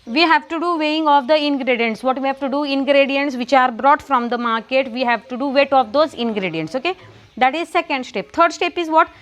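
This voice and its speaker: Marathi-accented lady teacher, high voice, keeps asking "what we have to do?", spells words out. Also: brisk, a bit bright. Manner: repetitive questioning, spells words aloud. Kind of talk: classroom lesson.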